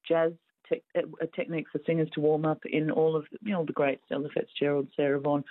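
A woman's voice: deep voice, level tone, fast, heavy background noise. A woman calling a radio show, talking enthusiastically and rambling from one point to the next. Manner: enthusiastic, rambling name-dropping. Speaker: radio caller. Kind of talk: chatty phone call. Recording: tinny phone line.

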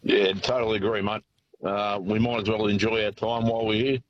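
Australian male caller, lowish voice, halting, dull lo-fi phone sound. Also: flat delivery. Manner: friendly, halting, many fillers. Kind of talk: phone-in call to radio. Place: driving in a car. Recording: dull phone line with faint noise.

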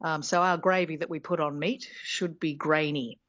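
A woman's voice: low voice, fairly even intonation, normal speed, fairly bright tone, dry recording. Woman professor on a dull line. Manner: explanatory, thinking aloud. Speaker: linguistics professor guest. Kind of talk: radio interview, explaining words.

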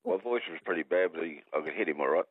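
Deep-voiced australian man, fast rambling caller, tinny phone line. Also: lively intonation, husky, no room sound. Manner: rambling, jokey, stumbles over words. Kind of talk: rambling talkback phone call.

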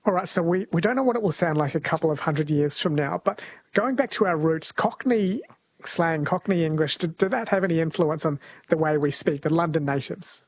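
A man's voice: on the high side, brisk, slightly rough, dry recording. A man hosting a radio interview, asking curious, chatty questions in a studio. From New Zealand. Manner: chatty, inquisitive. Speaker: radio host.

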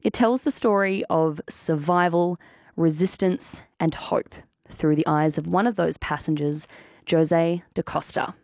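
Aussie lady radio host, breathy throaty voice, bit hoarse, pitched lowish, dry studio sound. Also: unhurried, a little mellow, dry recording. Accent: Australian. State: hoarse after illness. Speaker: radio presenter. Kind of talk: local radio presenting.

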